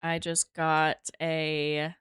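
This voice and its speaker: A woman's voice: sits low, monotone, extremely slow, a bit bright, smooth, no room sound, clean studio sound. A woman streaming a game live, chatting casually to her viewers, swearing freely and talking to herself as she plays.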